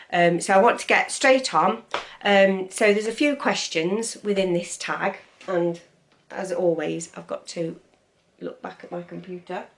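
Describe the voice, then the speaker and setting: A woman with an East Midlands English accent chatting casually to camera, with lots of ums and opinionated asides. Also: lowish voice. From East Midlands, England. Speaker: vlogger.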